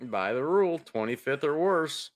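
A man's voice: on the high side, animated, moderate pace. A man co-hosting a racing podcast in casual chat, easygoing, asking questions and searching for words. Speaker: podcast co-host.

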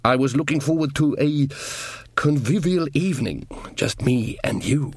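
A man voicing a nervous, put-upon male dwarf in a storybook reading, talking slowly and miserably. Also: mid-range voice, animated, a little mellow, slightly rough, no room sound.

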